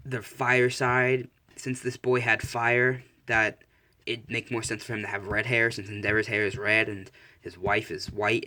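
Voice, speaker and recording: Young guy rambling thru a fan story, low voice, keeps correcting himself. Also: sharp tone. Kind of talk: casual improvised fan-fiction narration.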